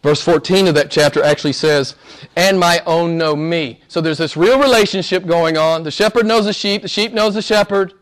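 A male pastor preaching a sermon in a conversational way, speaking straight to his listeners and swinging from loud stresses down to near-whispers. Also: on the high side, normal speed. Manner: conversational, addresses listeners directly.

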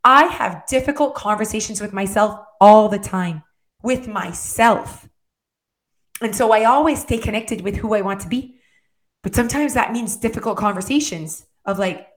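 A woman's voice: mid-range voice, measured pace, a bit bright. Earnest woman coaching with direct check-ins. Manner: heartfelt and rambling, with restarts. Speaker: motivational speaker on weight and wellness. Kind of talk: earnest motivational monologue.

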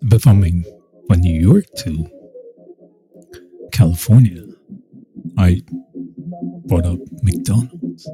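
Slow, rambling man over music. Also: sits low, very animated. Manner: rambling, with many restarts and mock quotes. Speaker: show host. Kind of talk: rambling casual monologue. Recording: music playing behind the voice.

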